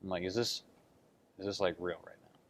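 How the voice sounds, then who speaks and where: A man's voice: deep voice, flat delivery, fairly quick, a little hiss or hum. A young man answering interview questions about being recruited, telling his story earnestly with lots of fillers and retold quotes. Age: young adult. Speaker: college basketball recruit.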